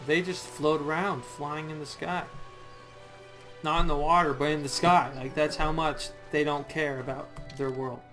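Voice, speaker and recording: A young let's play gamer gives goofy, sarcastic commentary while playing a video game, talking back to its characters, with game music underneath. His voice is fairly high and a bit bright, with little pitch movement, at normal speed.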